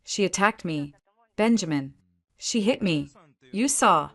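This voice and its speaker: A woman's voice: mid-range voice, lively intonation, measured pace, a bit bright. A woman voicing a hysterical older mother-in-law who wails and shrieks erratically in a dramatic audio story. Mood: wailing.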